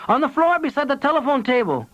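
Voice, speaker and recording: A man doing a sobbing, panicked woman crouched on the floor, her voice lifted high and quavering. The recording is dull and lo-fi. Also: big pitch swings, fast, a bit bright, heavily acted. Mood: terrified. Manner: wailing, high and tearful. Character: sobbing, terrified woman hiding by phone. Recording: dull lo-fi tape audio.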